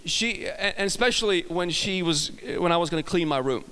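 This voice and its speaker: Preaching with a Swedish accent, this man from Sweden tells stories full of restarts, repeated words, and self-laughter. His voice sits high and is animated, sharp, and smooth at a moderate pace, with long hall reverb on the recording.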